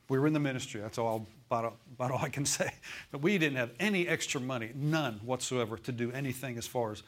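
A male pastor preaching a sermon in a church, folksy, asking the congregation for replies and slowing down to read scripture aloud. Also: mid-range voice, fairly bright tone.

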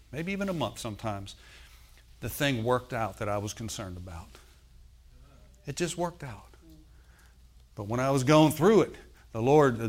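A male pastor preaching a sermon, calling to the congregation and swinging from loud emphatic lines to soft, intimate ones. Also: medium pitch. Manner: preaching with call-and-response asides.

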